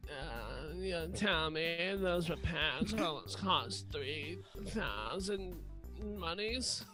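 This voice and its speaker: A man voicing a fussy female tank club vice president in a halting, exaggerated put-on accent while playing a dating game for laughs. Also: on the high side, lively intonation, over music, voice pushed down. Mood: flustered.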